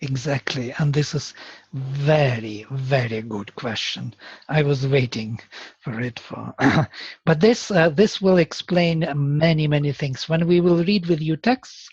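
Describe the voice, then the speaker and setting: A man teaching Sanskrit in a seminar, speaking as a with many pauses and chanting verses aloud. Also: on the high side, a little mellow, slightly rough, dry recording. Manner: slow, halting, chants verses. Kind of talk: seminar lecture with recitation. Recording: dull, dry lo-fi recording.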